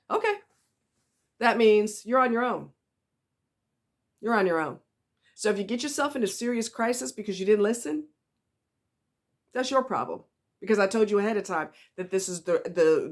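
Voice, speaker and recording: Woman, blunt advice monologue, sassy, mid-pitched voice, acts out quotes. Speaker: vlogger giving relationship advice. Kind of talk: casual monologue.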